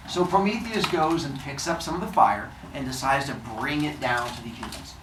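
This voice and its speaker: A man's voice: medium pitch, lively intonation, normal speed, roomy sound, recorded from a distance, noisy background. A man telling a myth to children in a comic, conversational way. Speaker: storyteller. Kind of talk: animated myth retelling to children.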